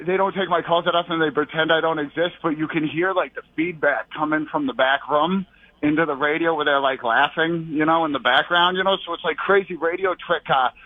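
A man's voice: a little high, no room sound. A male caller from the Boston area, out of breath, rambling through scattered stories on the phone. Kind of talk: rambling call-in. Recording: tinny phone line.

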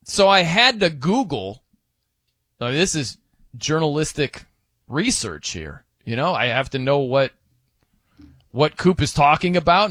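A man filling in as a sports radio host banters casually, animated and joking, rambling with fillers into a close studio mic. His voice is fairly high, with no room sound.

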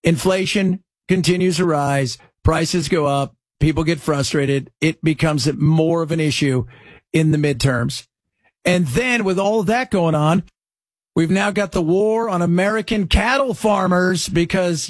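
A man hosting a political talk show, delivering sarcastic, animated commentary. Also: sits high, normal speed, no echo. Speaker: radio talk show host.

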